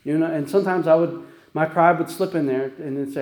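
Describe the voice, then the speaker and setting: A man's voice: on the high side, fairly even intonation, fast, roomy sound. A man preaching a sermon as pastor, conversational, often checking in with "right?" and "guess what?".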